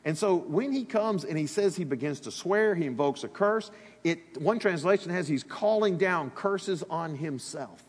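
Preacher, a man with a husky voice, animated and conversational from the pulpit in a big reverberant hall. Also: a little high, normal speed. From Alabama, US. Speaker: pastor. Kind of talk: sermon. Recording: long reverb of a large hall.

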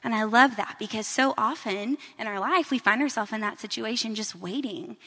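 A woman's voice: fairly high pitch, normal speed, bright, forceful tone, slightly rough. Woman teaching a Bible story, reverberant hall. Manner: casual, conversational storytelling with fillers.

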